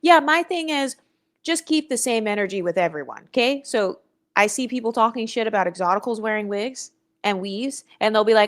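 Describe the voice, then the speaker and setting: A woman's voice: on the high side, animated, fairly quick. Blunt, sassy woman streaming live. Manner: blunt, sassy, swears freely, reads chat aloud. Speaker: livestream host. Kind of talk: casual livestream commentary.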